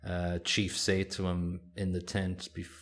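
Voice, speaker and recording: A man's voice: sits low, completely flat delivery, a little slow, fairly bright tone, a little hiss or hum. A man co-hosting a podcast, chatting casually and rambling with lots of fillers. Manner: rambling, hesitant, many fillers. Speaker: podcast co-host. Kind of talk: casual chat.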